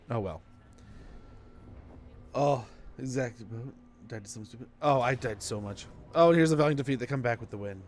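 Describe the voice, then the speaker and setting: A man's voice: medium pitch, a little hiss or hum. A man streaming a strategy game, giving casual commentary and rambling through a story with lots of fillers.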